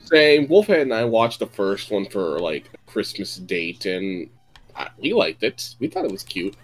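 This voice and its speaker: Man co-player, animated voice that jumps around, swears freely. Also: on the low side, measured pace, breathy edge, faint music behind. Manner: animated, swears, acts out quotes. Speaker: stream co-player. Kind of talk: casual group chat over a game stream.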